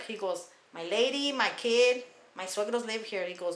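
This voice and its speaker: A woman co-hosting a podcast tells a family story in casual chat, speaking at normal speed in a slightly high voice. She swears freely and animatedly acts out the people she quotes, and the room sounds echoey.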